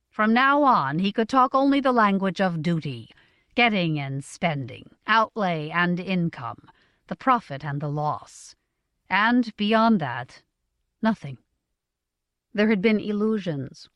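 Brief: woman audiobook narrator, expressive, animated pitch, dry close recording. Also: dry recording. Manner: measured, expressive reading. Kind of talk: scripted narration.

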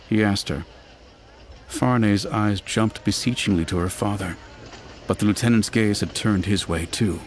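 A man narrating an audiobook in a steady, even storytelling manner. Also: fairly low pitch, normal speed, a little hiss or hum. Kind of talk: scripted narration.

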